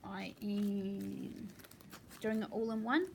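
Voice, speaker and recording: A woman chatting casually at home as she shows her cross-stitch projects, talking in a relaxed way with plenty of ums and asides. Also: medium pitch, slow, gravelly, slight background noise. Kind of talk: casual show-and-tell chat.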